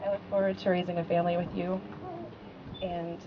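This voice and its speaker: A woman's voice: on the low side, little pitch movement, a little fast, muffled recording, background noise. A woman reading heartfelt wedding vows as the bride at an outdoor lakeside ceremony. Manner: heartfelt, earnest, with soft laughs. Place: outdoors by a lake.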